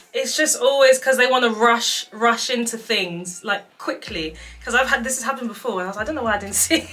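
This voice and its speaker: A young woman in her twenties casually telling dating stories, acting out what people said and laughing often. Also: fairly high pitch. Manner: animated, acts out quotes, laughs often. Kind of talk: casual storytelling chat.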